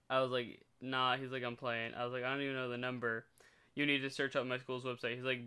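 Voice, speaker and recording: A man's voice: mid-range voice, little pitch movement, a little fast, bright, forceful tone, clean tone. A teenage man casually telling a rambling story as a podcast co-host, swearing freely and laughing often.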